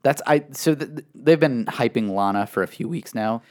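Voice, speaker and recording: A man's voice: mid-range voice, moderate pace. A man co-hosting a casual podcast, explaining at length in a chatty way with many fillers. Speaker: podcast co-host. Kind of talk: casual wrestling chat.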